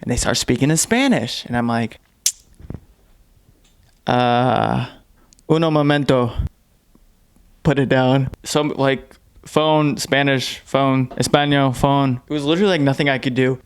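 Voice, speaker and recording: A man's voice: medium pitch, clean tone. Laid-back young man telling a funny story. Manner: laid-back, deadpan, full of "like" fillers. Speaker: vlogger. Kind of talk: casual comedic storytime.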